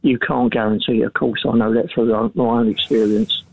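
A man calling in to a radio show, speaking hesitantly with many pauses and restarts. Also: medium pitch, steady tone, vocal fry, husky, no room sound. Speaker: caller. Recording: tinny phone line.

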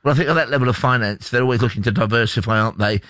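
Male radio co-host, fast-paced teasing banter, dry studio sound, mid-pitched. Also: fairly bright tone, dry recording. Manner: playful, jokey banter. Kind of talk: casual chat.

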